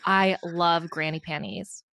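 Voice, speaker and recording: A woman's voice: fairly low pitch, steady tone, slow, gravelly, bright, forceful tone, no room sound, studio quality. A young woman in her twenties co-hosting a podcast, chatting casually, giggling and rambling through her stories. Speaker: podcast co-host. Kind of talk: casual chat.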